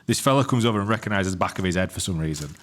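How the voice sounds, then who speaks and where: A man's voice: low-pitched, very fast. A man, co-hosting a podcast and telling stories in casual, swearing banter. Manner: swearing, animated storyteller. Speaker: podcast co-host.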